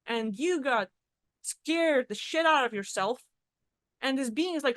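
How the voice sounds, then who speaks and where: A woman's voice: sits high, animated, a little slow, pauses often, fairly bright tone, dry recording. A woman giving a casual, blunt spoken talk on spiritual practice, swearing freely as she explains. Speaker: spiritual vlogger. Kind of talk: casual teaching monologue.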